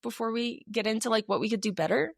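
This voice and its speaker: A woman's voice: a little high, fast, creaky, no room sound, studio quality. A young adult woman co-hosting a podcast, telling a personal story in a casual, chatty way with many fillers. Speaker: podcast co-host.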